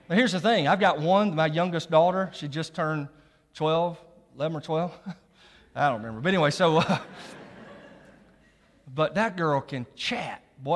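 A middle-aged man preaches a sermon with a somewhat high voice, swinging between loud emphatic passages and quick, low joking asides. His voice rings with a long reverb from the church hall he speaks in. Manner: conversational, joking asides to the congregation. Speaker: pastor. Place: church sanctuary.

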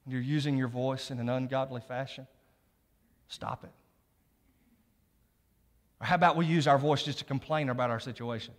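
This middle-aged male pastor speaks at normal speed in a steady mid-range voice with long pauses, joking conversationally with his congregation between scripture readings. The church sanctuary gives long hall reverb.

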